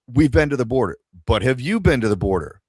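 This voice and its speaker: A man's voice: medium pitch, sing-song, fast, darkish tone, husky, no room sound. A man mocking an evasive, rambling woman politician in circular talk.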